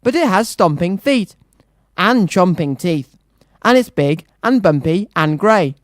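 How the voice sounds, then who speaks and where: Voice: medium pitch, expressive, measured pace, no room sound, lightly acted. A reader playing a kind old monk from a storybook, mild and pleading. He sighs often and never raises his voice much. The sound is dry and close. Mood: gentle. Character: gentle old monk, a kind and patient man.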